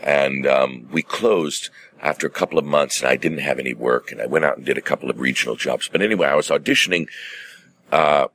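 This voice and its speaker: A middle-aged man, a stage actor, telling stories in a relaxed, measured way as an interview guest. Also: a bass voice, slightly rough. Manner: measured, theatrical anecdote-telling with acted-out quotes.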